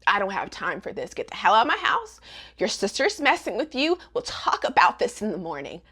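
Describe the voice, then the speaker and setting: A woman voicing a smug, dismissive young man in a flat, unbothered tone. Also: medium pitch, fairly quick, slightly rough, heavily acted.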